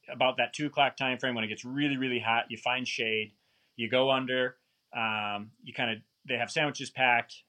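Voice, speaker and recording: Male guest storyteller, middle pitch, bright tone, animated and self-deprecating. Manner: animated, rambling, self-mocking. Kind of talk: casual storytelling.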